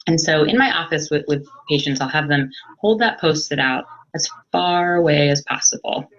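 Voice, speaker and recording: A woman psychologist giving an educational webinar talk in a calm, explanatory way, pausing often as she thinks. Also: sits low, dull audio. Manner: calm, explanatory, hesitant with pauses. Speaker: psychologist presenter. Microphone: computer mic on a video webinar.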